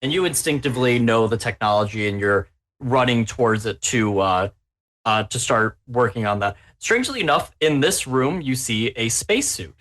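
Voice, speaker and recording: A man's voice: medium pitch, expressive, moderate pace, a bit bright. A man running a tabletop horror game as game master, narrating with obvious glee at the players' danger. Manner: gleeful, relishing the players' peril.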